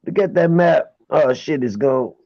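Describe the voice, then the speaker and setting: A man's voice: a little high, expressive, unhurried, no room sound, dull audio. A man guesting on a casual live chat, laid-back and profane.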